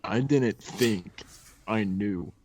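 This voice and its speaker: A man's voice: fairly low pitch, very slow, darkish tone, slight background noise. A young man guesting on a podcast, telling casual stories and acting out his old coworkers. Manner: laid-back storyteller, acts out coworkers with laughs. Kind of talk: casual chat, storytelling.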